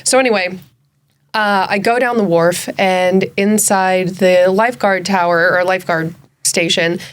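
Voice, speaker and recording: A woman's voice: fairly low pitch, a little slow, smooth. A woman co-host telling a story with laughs. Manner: animated storytelling, laughs while talking. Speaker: podcast co-host. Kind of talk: casual chat.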